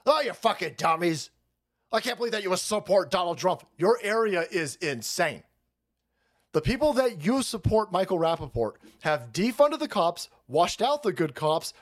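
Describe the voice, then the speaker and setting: Animated high-pitched ranting man. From California. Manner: swearing, laughing, animated and mocking. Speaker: livestream commentator. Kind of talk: profane political rant on a livestream.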